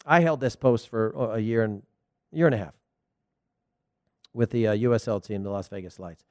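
A man's voice: fairly low pitch, moderate pace, no room sound. A middle-aged man hosting a soccer show, giving a casual, rambling opinion monologue from a studio. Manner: animated, rambling, frequent restarts.

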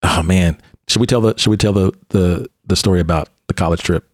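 A man hosting a conversation, a police officer and mentor telling a story in an animated way and often restarting his phrases. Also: deep voice, fairly quick, dry recording, studio quality.

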